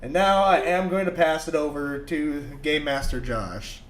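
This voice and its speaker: Excitable bright-voiced young man, echoey room. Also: a little high. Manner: excitable, quick, joking. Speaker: streamer and co-host. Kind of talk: casual livestream chat.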